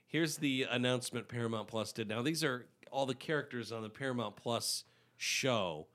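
A man hosting a comedy chat show, animated and jokey. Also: medium pitch, moderate pace. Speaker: podcast host.

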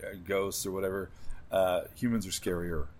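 Brief: male podcast host with a lowish voice, easygoing and unhurried. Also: little pitch movement, a little mellow. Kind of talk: casual podcast chat.

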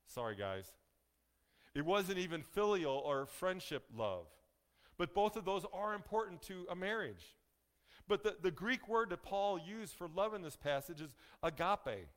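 Male pastor, slightly high voice, folksy sermon delivery with jokes to the pews, leans on key lines. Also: expressive, a bit bright. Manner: folksy, joking asides to the congregation; emphatic, slows down on key phrases.

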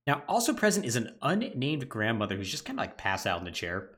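A man's voice: mid-range voice, wildly swooping pitch, fairly quick, fairly bright tone. A man co-hosting a podcast, casually recapping a video game's story and briefly acting out the characters' lines. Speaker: podcast co-host. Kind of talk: casual game recap chat.

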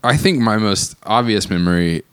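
A young man co-hosting a podcast, recorded dry and close. His pitch swings widely as he relives an embarrassing moment, sheepish and self-deprecating in easygoing chat. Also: animated, normal speed, fairly bright tone, clear, resonant tone, no room sound. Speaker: podcast co-host.

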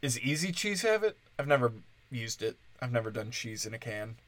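A man's voice: medium pitch, big pitch swings, brisk, fairly bright tone. Profane, sarcastic ranting man. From Wisconsin. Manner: shifts between mocking and exasperated outbursts. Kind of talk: solo comedic rant.

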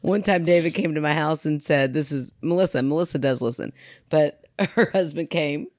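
A woman's voice: low-pitched, normal speed, darkish tone. A woman co-hosting a podcast in casual chat, rambling through stories and laughing often. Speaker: podcast co-host.

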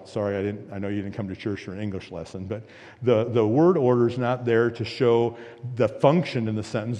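A male pastor delivers an emphatic sermon, building repeated phrases and asking rhetorical questions. His voice is warm and mellow at an ordinary pitch. It rings out with the long reverb of a church hall. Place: church sanctuary.

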